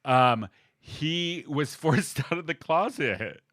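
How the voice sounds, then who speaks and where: A man's voice: on the high side, expressive, takes it slowly, fairly bright tone, no echo, clean studio sound. A man co-hosting a podcast in casual chat, playful and teasing, often laughing. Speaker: podcast co-host.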